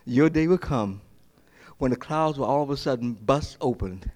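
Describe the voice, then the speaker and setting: A man preaching a sermon as pastor, passionate, repeating phrases for emphasis and swinging between loud peaks and quiet asides. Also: medium pitch, lively intonation, moderate pace.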